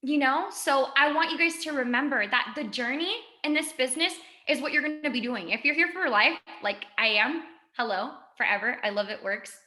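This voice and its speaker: On a video call, a guest speaker in her twenties delivers a fast, chatty motivational talk. Her high voice has a sharp edge, and she comes across as gushing and emotional.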